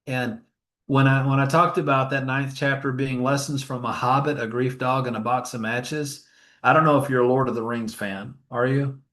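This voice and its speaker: Being interviewed in a funeral home, this grief counselor recounts stories with earnest feeling, voicing the lines of the people in them. His voice is medium-pitched, steady, and fairly bright, at a moderate pace.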